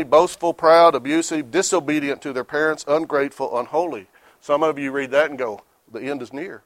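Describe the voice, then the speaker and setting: A man's voice: medium pitch, no room sound. A man in his fifties teaching a Bible class, reading verses aloud and explaining them in a plainspoken way. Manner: plainspoken, reads scripture aloud then explains it. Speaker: Sunday school teacher.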